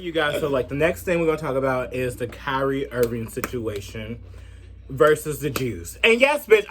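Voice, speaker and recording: A man giving a brash, profane commentary rant in a sassy, animated way. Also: on the high side. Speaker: commentary vlogger.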